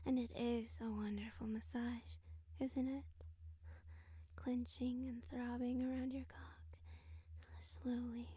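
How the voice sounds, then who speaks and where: A woman's voice: fairly high pitch, level tone, mellow, no room sound, full character voice. A woman whispering as a hypnotic tailed queen. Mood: teasing, commanding. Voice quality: breathy whisper. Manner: slow hypnotic commands, teasing and possessive. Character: domineering royal tailed temptress, hypnotic and teasing. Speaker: audio role-play performer. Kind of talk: whispered role-play. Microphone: close mic.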